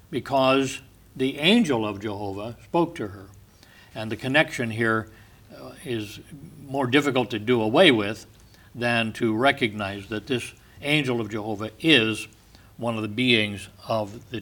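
A man's voice: medium pitch, sharp tone. A man teaching from the Bible, reading verses with rising emphasis and retelling the stories in casual asides. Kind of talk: sermon.

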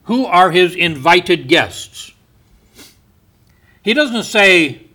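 A man preaching a sermon in a slow, deliberate way, going soft and quiet on quoted words. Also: sits high, expressive.

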